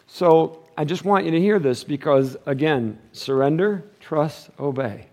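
A man preaching a sermon in a relaxed, everyday register, dropping slang as he talks. His voice sits a little higher than most men's. He moves between loud, emphatic stretches and quiet, low passages. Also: normal speed. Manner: casual and conversational, with slang like "dude" and "props". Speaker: pastor.

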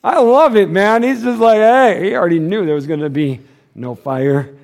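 A middle-aged male pastor preaching a sermon, joking and animated, then dropping to a hushed, earnest tone. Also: high voice, normal speed, gravelly.

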